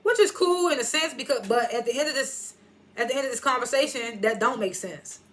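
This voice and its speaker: A woman's voice: a little high, brisk. Slangy woman recapping an episode. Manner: animated, slangy storytelling that acts out quotes. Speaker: TV episode reviewer.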